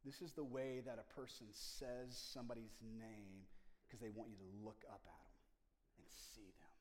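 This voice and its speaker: A man preaching a sermon as pastor, swinging from loud, passionate rises to hushed near-whispers. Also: on the low side, steady tone, moderate pace. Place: church sanctuary. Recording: long reverb of a large room.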